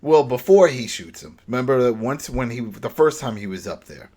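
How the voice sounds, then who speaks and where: A man co-hosting a podcast, retelling an episode in a loose, rambling, animated way. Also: mid-range voice, normal speed. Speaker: podcast co-host. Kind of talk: casual recap discussion.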